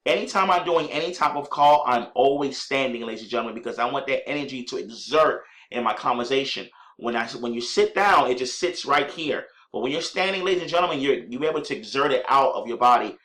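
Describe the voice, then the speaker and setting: A man teaching network marketing conference-call skills with enthusiasm, often addressing listeners as ladies and gentlemen and acting out sample greetings. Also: medium pitch. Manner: acts out sample call lines in an upbeat voice. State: clearing a scratchy throat. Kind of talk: instructional talk on running conference calls. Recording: echoey room.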